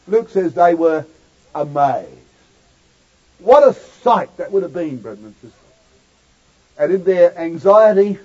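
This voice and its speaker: A man preaching a sermon in a high voice, turning suddenly from loud, ringing declamation to hushed, intimate asides. The recording is dull and lo-fi, with the top end muffled. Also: slightly rough.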